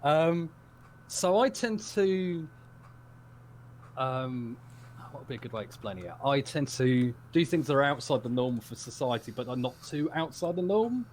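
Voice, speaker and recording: A man's voice: medium pitch, big pitch swings, normal speed, darkish tone. Man, casual storyteller, rambling and giggly; faint hum behind. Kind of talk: casual chat.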